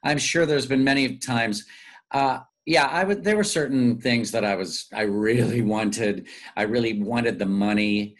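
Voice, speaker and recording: A male actor telling lively, self-mocking stories in a casual interview. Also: mid-range voice, a little slow. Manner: animated, self-mocking storyteller. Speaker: guest actor.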